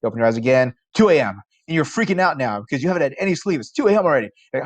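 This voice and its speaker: A man lecturing as a college philosophy professor, conversational and posing rhetorical questions, animated when telling a story. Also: on the high side, very fast, hardly any pauses.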